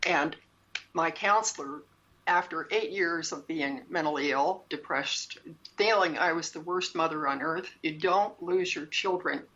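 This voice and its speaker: A woman's voice: low-pitched, a little slow, fairly bright tone. A woman, a shaman and spiritual teacher, telling a personal story in an interview, earnest and emphatic, often repeating her phrases. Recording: dull lo-fi sound.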